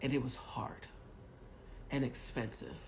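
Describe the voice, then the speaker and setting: A woman in her forties from Haiti, a spiritual coach telling a personal story on a livestream in a blunt, profane way, swinging from loud bursts to hushed asides. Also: a bass voice, lively intonation, measured pace, vocal fry, in a whisper. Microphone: webcam or phone mic on a home livestream.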